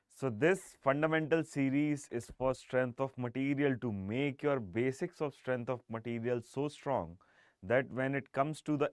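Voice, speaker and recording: A man's voice: medium pitch, no room sound, studio quality. A man with an Indian English accent lecturing on engineering for an online exam-prep class, stressing key words and often checking in with "right?" and "okay?". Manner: emphatic teacher, frequent checking "right?" and "okay?".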